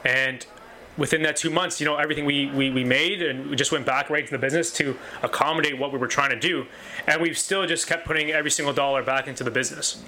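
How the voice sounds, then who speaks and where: A man with a slightly raised, bright and forceful voice pitches his butcher shop with eager enthusiasm. He stacks up repeated phrases and stumbles into restarts as he talks. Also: fairly even intonation, fast talker, a little hiss or hum. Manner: enthusiastic, repetitive, many restarts. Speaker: butcher shop owner, guest. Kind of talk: casual interview talk.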